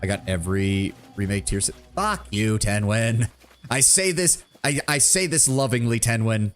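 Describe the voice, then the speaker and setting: A man streaming a game, chatting casually with viewers, excitable and profane. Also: on the low side, normal speed, faint music behind. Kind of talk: casual gameplay commentary.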